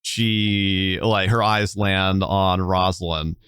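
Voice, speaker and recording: Male game master, low smooth voice, loose rambling narration. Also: fairly even intonation, takes it slowly, fairly bright tone, dry recording, clean studio sound. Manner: rambling, many fillers.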